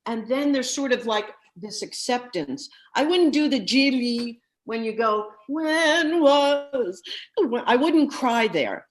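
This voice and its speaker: Woman vocal coach, bright higher voice, effusive, breaks into sung snippets mid-feedback. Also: animated, a little slow, hardly any pauses. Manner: effusive, sings snippets of the lyrics while explaining. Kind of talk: masterclass feedback.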